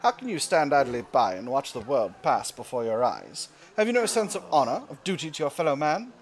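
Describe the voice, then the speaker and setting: A man's voice: mid-range voice, big pitch swings, fairly quick. A man voicing a pompous British event narrator in a put-on British accent, declaiming game text. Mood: rousing.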